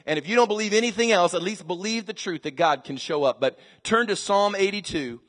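A middle-aged male pastor with a high voice delivers a sermon in a large church. His voice swings between quiet asides and shouted scripture. A long reverb hangs after each phrase. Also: fairly quick. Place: large church hall with live congregation.

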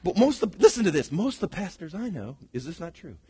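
A middle-aged male pastor preaching a sermon, swinging from shouted lines to hushed ones. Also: sits high, sing-song, fast talker, slightly rough. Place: church sanctuary. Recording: long reverb of a large hall.

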